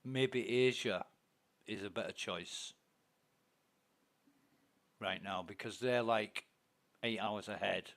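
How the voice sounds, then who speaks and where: A man's voice: lowish voice, slow pace, creaky, long pauses, fairly bright tone. A man streaming a space game, chatting casually and narrating what he is doing as he plays. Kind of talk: casual gaming chat.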